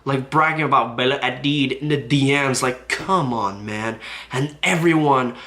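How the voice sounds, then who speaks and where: A man's voice: mid-range voice, unhurried, sharp tone. A man recapping online drama on his YouTube channel, profane and indignant as he talks. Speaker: YouTube commentator.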